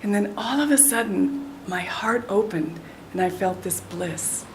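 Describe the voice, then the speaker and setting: An older woman, a spiritual teacher in her sixties from the United States, gives a devotional talk at a middle pitch. She speaks earnestly and sinks to a near-hush when the moment turns tender. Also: a little slow, a little hiss or hum. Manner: earnest, drops to a soft hush at tender points. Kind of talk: devotional talk with a personal story.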